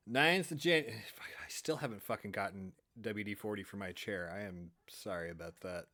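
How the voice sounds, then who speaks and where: A man's voice: fairly low pitch, normal speed, a bit bright. A man hosting a casual livestream, jokey and upbeat as he greets viewers. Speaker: livestream host. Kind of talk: casual stream chat.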